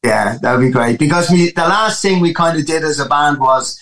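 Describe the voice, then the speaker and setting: Irish musician guest, male, Dublin accent, lively anecdotal delivery with restarts, raised pitch. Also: normal speed, rough recording. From Ireland. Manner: animated storytelling with many restarts. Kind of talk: casual interview chat.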